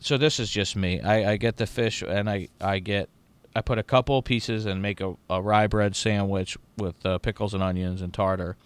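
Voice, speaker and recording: A man's voice: lowish voice, moderate pace, hardly any pauses, clean tone. A man co-hosting a podcast in casual chat, swearing freely and telling self-mocking stories. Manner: profane, self-mocking, animated storytelling. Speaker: podcast co-host.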